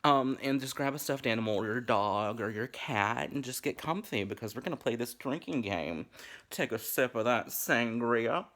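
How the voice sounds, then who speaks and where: A man with a Southern US accent and a husky voice, rambling sassily and a little tipsy in a casual vlog from his bedroom. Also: mid-range voice, fairly bright tone. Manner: sassy, rambling, profane, frequent laughs. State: slightly tipsy. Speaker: vlogger hosting a drinking game.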